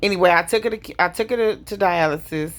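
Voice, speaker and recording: Woman telling a painful story, low voice. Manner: heavy, emotional retelling with pauses and sighs. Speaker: vlogger telling her story. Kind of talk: personal storytelling to camera.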